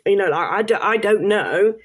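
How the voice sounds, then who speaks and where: A woman's voice: medium pitch, moderate pace, slightly rough. A woman rants to her camera in a loose, rambling way. She swears freely and breaks off with laughing asides as she talks to her subscribers. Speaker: vlogger. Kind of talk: casual rant to camera.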